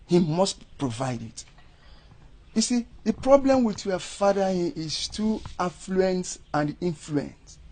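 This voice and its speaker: An actor playing a measured uncle who speaks firmly of tradition. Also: male voice, on the high side, a little mellow, breathy edge, heavily acted. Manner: measured, soothing, firm. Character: older uncle, calm keeper of tradition. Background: background music.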